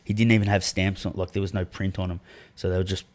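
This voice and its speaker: Fast-talking deep Australian man. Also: little pitch movement, a little mellow. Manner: blunt, swears freely, tells anecdotes. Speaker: podcast guest. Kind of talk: casual storytelling chat.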